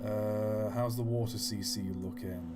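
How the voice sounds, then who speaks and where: Over loud background music, this streamer talks in a lowish, steady voice, a little on the slow side. His livestream gameplay commentary is casual and chatty, full of self-mockery, playfulness, and goofy voice experiments.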